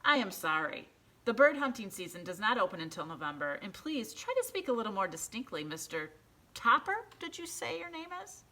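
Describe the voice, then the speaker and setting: A woman voicing a confused male city hall clerk on the phone who keeps mishearing and speaks slowly and politely. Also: medium pitch, big pitch swings, sharp tone, voice pushed up, heavily acted. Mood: bumbling polite. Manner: slow, mishearing, overly polite.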